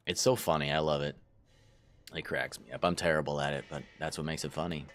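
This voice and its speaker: A man's voice: very deep voice, steady tone, a little fast, fairly bright tone, slight background noise. A man giving casual let's-play commentary while gaming, chatty, laughing often and repeating words as he goes. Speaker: gaming YouTuber.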